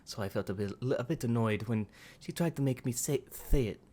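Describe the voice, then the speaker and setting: A man voicing a gentle teenage boy narrator with a lisp, reading haltingly with restarts. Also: mid-range voice, lively intonation, lightly acted.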